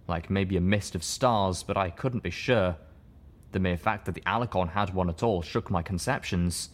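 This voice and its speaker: A man with a fairly low voice narrates an audiobook in the first person. His reading is steady and measured, keeping an even pace.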